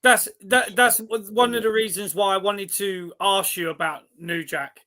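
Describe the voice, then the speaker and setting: High, bright-voiced male podcast host. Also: steady tone, unhurried. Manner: agreeable, casual, swears freely. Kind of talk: casual interview chat.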